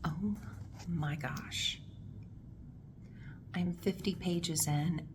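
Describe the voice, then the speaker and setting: A woman's voice: medium pitch, unhurried, slight background noise. A woman hosting her own book vlog, chatting casually and expressively as she gushes about her reading. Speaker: book vlogger host.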